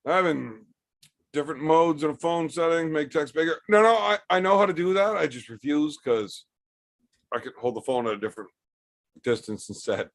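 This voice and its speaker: Brief: tipsy male stream host, gravelly voice, foul-mouthed and rambling. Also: fairly high pitch, lively intonation, moderate pace. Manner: profane, rambling storyteller. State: drinking, tipsy. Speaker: livestream host reading chat. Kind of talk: casual storytelling chat.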